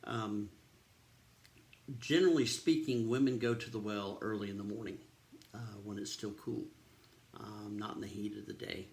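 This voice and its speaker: A man's voice: lowish voice, steady tone, moderate pace, long pauses, a little mellow. A man, a pastor casually retelling a Bible story in a devotional, with many ums and uhs.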